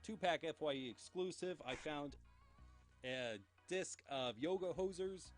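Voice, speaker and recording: A man's voice: a little high, a little slow, soft background music. A young man hosting his own pop culture news show, chatting in a rambling, enthusiastic way. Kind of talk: casual solo show.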